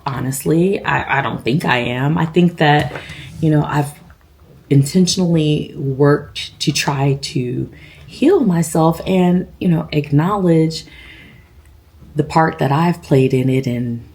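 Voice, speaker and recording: A woman's voice: low-pitched, darkish tone, husky. A woman, chatting casually to viewers in a vlog, with lots of fillers. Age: 50s. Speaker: vlogger.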